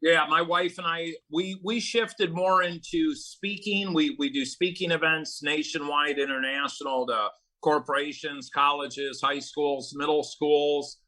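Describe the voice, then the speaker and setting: Bright-voiced man telling his story. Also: on the high side, fairly even intonation, poor audio. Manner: earnest, storytelling, quick bursts of emphasis. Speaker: guest, recovery advocate and speaker. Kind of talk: conversational interview.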